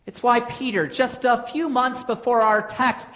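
A woman preaching a sermon in an earnest way, posing rhetorical questions with dramatic pauses. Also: a little high, a bit bright.

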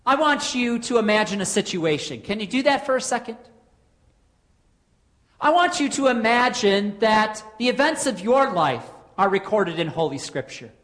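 A woman preaching a sermon in an earnest way, posing rhetorical questions with dramatic pauses. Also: on the high side.

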